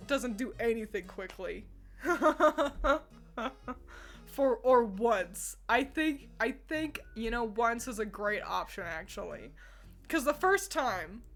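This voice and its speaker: A woman's voice: on the high side, fairly bright tone. A young woman streamer chatting casually with her viewers, laughing often as she ranks characters. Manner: giggly, laughs often, talks to chat. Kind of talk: casual chat.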